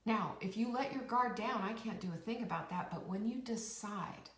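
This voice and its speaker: A woman's voice: medium pitch, moderate pace, reverberant, distant mic. A woman host giving a rousing motivational talk, emphatic and repeating her key phrases. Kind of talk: motivational live-stream talk.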